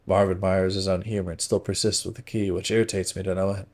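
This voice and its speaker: A man reading a first-person novel aloud on a stream, measured and dramatic, often sinking to hushed tones. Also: deep voice, flat delivery.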